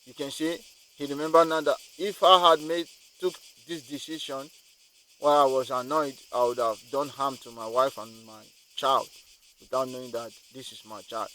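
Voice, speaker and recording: A man's voice: mid-range voice, steady tone, normal speed, sharp tone, a little hiss or hum, poor audio. A man telling a moral story in a rambling way, with frequent restarts and repeated words.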